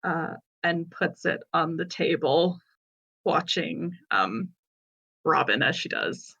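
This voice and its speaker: A young woman player in a tabletop game, describing her character's actions softly and calmly. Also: low-pitched, takes it slowly, gravelly, slightly rough, lo-fi sound. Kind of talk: casual tabletop play.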